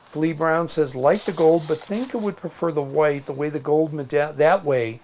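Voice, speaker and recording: A man's voice: on the high side, fairly even intonation, moderate pace, a little mellow, slight background noise. A man with a Midwestern accent co-hosting a casual crafting livestream, chatting and reading out viewer comments. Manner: chatty, storytelling, reads out comments.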